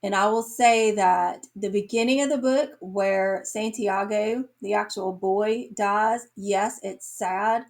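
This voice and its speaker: Slow, gravelly-voiced woman reviewing books. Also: mid-range voice, darkish tone. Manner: slow, earnest, emotional. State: tearful. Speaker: book reviewer. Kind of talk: casual book review vlog.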